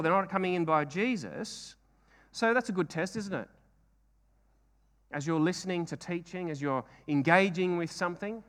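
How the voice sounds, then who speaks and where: A man's voice: high voice, a bit bright. A man preaching a sermon, earnest, with frequent rhetorical questions and repeated phrases.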